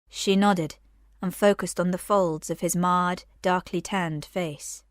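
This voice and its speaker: A woman narrating a science-fiction audio drama in a measured, unhurried voice. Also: fairly low pitch, fairly even intonation, no echo, studio quality.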